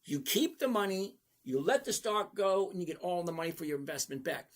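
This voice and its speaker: Male livestream trading host, casual and playful, emphatic, drawn-out repeats. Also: sits high, expressive.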